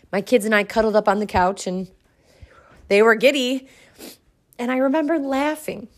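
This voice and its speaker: Woman podcaster in her 30s, bit of fry in the voice, mid pitch, slow earnest storytelling. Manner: earnest, reflective, with dramatic pauses. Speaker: podcast host. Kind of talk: personal storytelling monologue.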